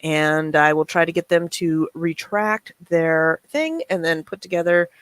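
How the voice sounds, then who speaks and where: A woman's voice: sits low, unhurried, a bit bright, no echo. A middle-aged woman hosting a casual livestream chat, reading messages aloud with wry, chatty remarks. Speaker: reseller channel host.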